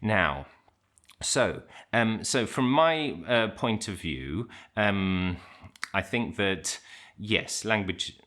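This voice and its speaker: A man's voice: fairly low pitch, animated, extremely slow, bright, forceful tone. A middle-aged man who teaches English, talking casually and reflectively to his viewers, hesitant with many fillers and restarts as he thinks aloud. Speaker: English teacher and channel host. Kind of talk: casual reflective talk to camera.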